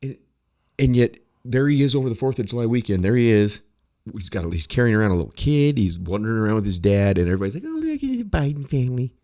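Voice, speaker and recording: A man's voice: on the low side, quick pace, mellow. A man ranting bluntly in casual podcast chat, swearing freely. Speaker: podcast co-host.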